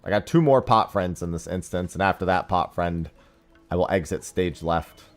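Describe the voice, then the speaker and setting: A man's voice: low voice, normal speed, soft background music. A man streaming an online game and chatting casually with viewers, sarcastic and swearing now and then. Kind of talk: casual chat while gaming.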